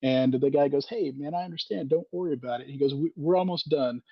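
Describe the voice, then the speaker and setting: A man telling a story in a self-deprecating way on a podcast, lively and candid. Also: on the high side, fast talker, creaky, slightly rough, no room sound, highs cut off. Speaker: podcast guest, Freemason author. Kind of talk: casual storytelling conversation.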